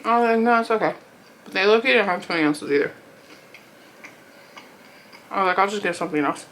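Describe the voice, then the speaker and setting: A woman's voice: mid-range voice, a little fast, a bit bright, slight background noise, poor audio. A young woman vlogger casually telling a rambling story while eating, laughing often and acting out what people said. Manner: chatty, rambling, lots of "like" and quoted dialogue. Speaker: mukbang vlogger.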